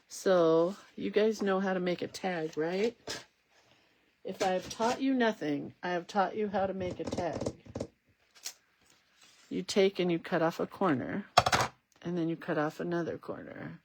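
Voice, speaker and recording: Slow-talking woman chatting while crafting. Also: on the low side, noisy background. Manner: chatty, rambling, reads out viewer comments. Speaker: craft livestream host. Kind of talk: casual chat while crafting.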